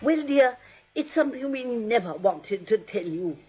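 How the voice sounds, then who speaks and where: A doting old aunt coaxes in a very breathy, husky voice that rises and falls with feeling. The recording is muffled, like a vintage radio broadcast. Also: female voice, a little high, animated, moderate pace, warm tone. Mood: fond coaxing. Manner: fond and coaxing. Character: kindly elderly spinster aunt, fussy and affectionate.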